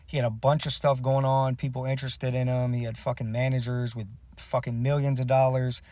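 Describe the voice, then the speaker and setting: A man speaks candidly to camera, recounting a grievance in a heated, profanity-laden way. His voice sits at an ordinary pitch, and the sound is dry and close with no room echo. The tone throughout is bitter and aggrieved. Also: level tone, fairly quick, dark tone. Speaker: musician. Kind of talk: candid personal storytelling to camera.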